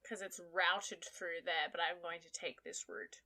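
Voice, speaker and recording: A woman's voice: lowish voice, steady tone, measured pace, pushed and bright. An Australian woman co-hosting a podcast, chatting casually with blunt, sweary exclamations. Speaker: podcast co-host.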